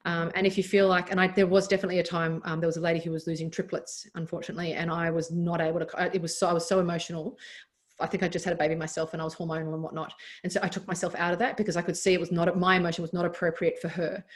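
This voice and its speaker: Fast-talking Australian woman, candid. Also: on the low side, flat delivery. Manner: candid, laughs often, many restarts. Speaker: podcast guest, doctor and former Olympic athlete. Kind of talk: casual interview chat.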